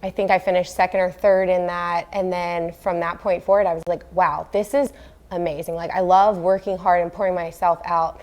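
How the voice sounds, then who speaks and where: A woman's voice: lowish voice, normal speed. Earnest woman in an interview. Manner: earnest and animated, with frequent fillers. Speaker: guest, former professional triathlete. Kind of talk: casual interview talk.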